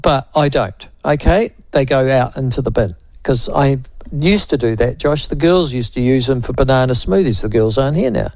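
A man's voice: medium pitch, expressive, normal speed, a little mellow, no room sound. A man with a New Zealand accent hosting talkback radio, chatting wryly and reading out listener messages. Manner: chatty, wry, self-deprecating asides.

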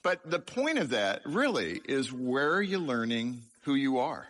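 Male preacher doing a testimony. Bright tone, highly expressive delivery, self-deprecating humour. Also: unhurried. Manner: humorous, self-deprecating storytelling. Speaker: speaker sharing his life story. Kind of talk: testimony sermon.

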